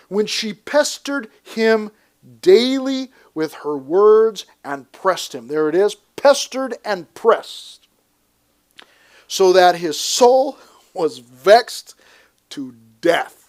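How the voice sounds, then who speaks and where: High-voiced man preaching a lively sermon. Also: very slow. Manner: animated, emphatic, with playful asides and restarts. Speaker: pastor. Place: church service before a congregation.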